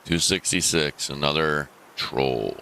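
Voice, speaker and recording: A man with a very low voice chats casually while streaming a game, wandering through his thoughts with plenty of ums and restarts. He talks through a gaming headset mic, and a steady hiss of noise sits behind him. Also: takes it slowly. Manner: rambling, many fillers and restarts. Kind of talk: casual live-stream chat.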